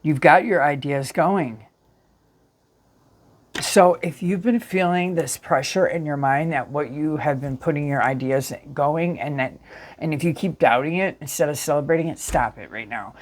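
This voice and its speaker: A woman giving a casual spiritual tarot reading to her viewers, earnest and emphatic, often restarting her sentences. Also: low voice. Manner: earnest, emphatic, with frequent restarts and self-corrections. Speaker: tarot reader.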